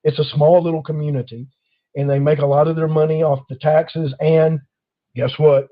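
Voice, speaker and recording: A man's voice: a little high, flat delivery, moderate pace. A man in casual conversation, telling stories and acting out the people in them. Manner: storytelling, acting out quoted people. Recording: dull lo-fi audio.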